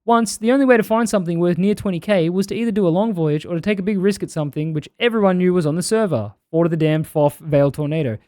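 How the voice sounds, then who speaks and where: This is a put-on New Zealand accent that keeps sliding toward Australian, done by a man. The reading is earnest and steady as it works through a long list of complaints. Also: high voice, quick pace, few pauses, no room sound, studio quality, lightly acted. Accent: put-on New Zealand accent drifting toward Australian.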